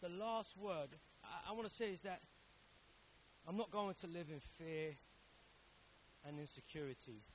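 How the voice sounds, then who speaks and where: A man preaching in a fairly high voice that drops to a hush for storytelling and then rises to loud exhortation. He repeats words for emphasis and acts out the voices he quotes. Faint hiss sits under the recording. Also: a little slow, pauses often, poor audio. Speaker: pastor. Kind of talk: sermon.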